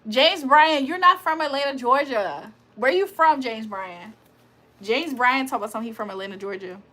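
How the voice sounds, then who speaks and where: A woman's voice: sits high, animated, moderate pace, sharp tone. A young woman hosting a casual livestream, reading chat aloud and laughing often. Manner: chatty, laughs often, reads comments aloud.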